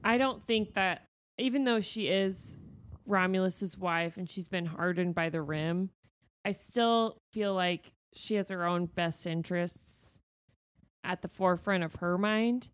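A woman's voice: lowish voice, a little slow, dry recording. Playful woman podcast co-host. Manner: playful, teasing, dry quips. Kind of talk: casual fan podcast chat.

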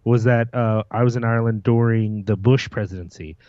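A man's voice: mid-range voice, fairly even intonation, a little fast, a little mellow, no echo, lo-fi sound. A man co-hosting a podcast, telling wry stories in casual chat. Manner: storytelling, wry. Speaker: podcast co-host.

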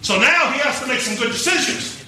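A man preaching a sermon in a church, emphatic and rising to shouts as he draws in the congregation. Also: very high-pitched, animated, a little fast. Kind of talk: sermon with live demonstration. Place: church sanctuary. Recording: echoey church from a distant mic, faint noise.

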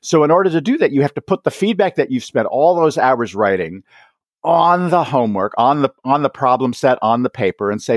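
A man speaking as an interview guest, his pitch rising and falling a lot as he acts out little scenes between teachers and students. The sound is close and dry, with no room behind it. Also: no room sound. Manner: animated, acts out teachers and students in quick asides. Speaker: guest, author and educator. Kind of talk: podcast interview.

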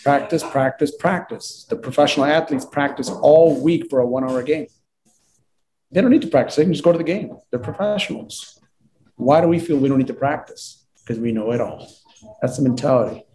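A man's voice: medium pitch, fast talker, dark tone, low-quality recording. A man from Lebanon, a real estate agent and interview guest, telling stories animatedly and acting out dialogue with frequent fillers.

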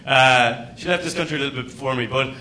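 A young Irish man doing a stand-up comedy set, telling stories in a profane, animated way with loud acted-out outbursts. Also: medium pitch, fast talker, a little hiss or hum. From Ireland.

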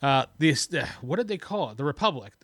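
A man's voice: on the high side, big pitch swings, fairly quick, fairly bright tone, no echo. A man playing a tabletop role-playing game, playful and laughing often as he speaks in character. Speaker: player. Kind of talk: casual role-play.

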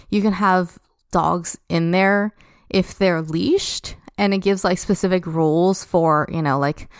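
Young woman, podcast guest, rambling casual storyteller; smooth tone, dry sound. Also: on the low side, no echo. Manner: chatty, heavy use of "like".

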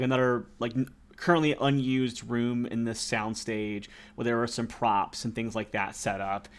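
A man's voice: medium pitch, bright, forceful tone. Rambling male game master. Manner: rambling, laughs often. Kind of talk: narrating a tabletop game.

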